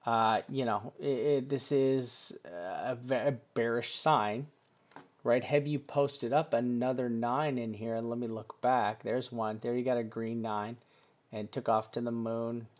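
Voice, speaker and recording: Casually analyzing crypto charts live, the man thinks aloud in rambling, restarted sentences, with offhand swearing. He keeps a steady, mid-range tone and an unhurried pace.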